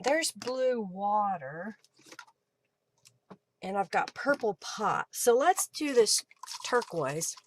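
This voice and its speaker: Her mid-range voice is animated but slow, broken by long pauses, and the background is noisy. She's running a live crafting stream, chatting casually at her craft table, thinking aloud as she works and reading viewers' comments to answer them.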